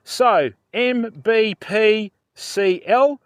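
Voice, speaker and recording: This older Australian livestreamer talks very slowly in a high, clean voice, recorded without echo. He's hosting a fishing stream, cracking jokes, laughing frequently and addressing people in chat by name.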